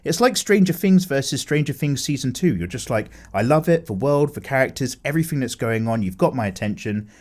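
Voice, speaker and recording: A man casually chatting with viewers while drawing, animated, with lots of fillers as he reads chat aloud. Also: medium pitch, fairly quick, hardly any pauses. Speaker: art streamer chatting with viewers.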